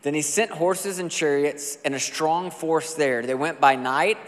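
A man gives a sermon from the pulpit, his slightly high voice carrying a long reverb through a large hall. He tells stories in a casual, animated way, full of conversational asides. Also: unhurried. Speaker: pastor.

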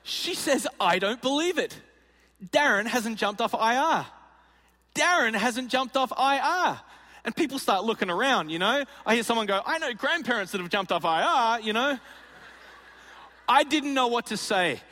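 A man preaches in a sermon, spinning a comic story and playfully acting out its people. His voice sits high and bright. It rings with the long reverb of a large hall. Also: lively intonation, normal speed. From Australia. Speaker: pastor. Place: large auditorium.

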